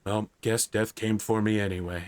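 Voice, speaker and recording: A pale, gloomy giant speaks low and flat, sounding resigned to his fate, as a man voices him at the game table. The voice is quiet and dry. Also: moderate pace, dry recording, lightly acted.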